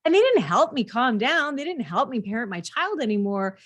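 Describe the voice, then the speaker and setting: A woman's voice: fairly high pitch, big pitch swings, normal speed, a bit bright. A woman parenting coach giving direct advice, speaking earnestly straight to the listener.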